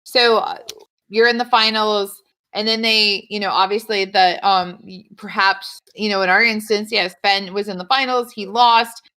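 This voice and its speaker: A woman in casual chat, telling animated stories, acting out quoted lines, swearing and laughing often. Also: medium pitch, moderate pace. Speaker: podcast guest.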